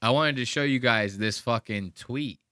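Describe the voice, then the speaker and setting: Bright-voiced man ranting on a podcast. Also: mid-range voice, moderate pace, no room sound, clean studio sound. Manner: profane, mocking rant. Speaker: podcast host. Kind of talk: casual commentary on a played clip.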